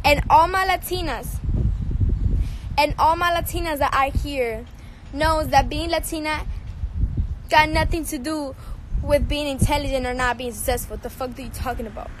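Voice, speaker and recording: A teenage singer from Cuba speaks English with a Cuban Spanish accent, her voice pitched high. She rants in a heated, profane, confrontational way, firing back at someone over a livestream, with faint noise behind her. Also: moderate pace, long pauses. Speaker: singer and social media personality.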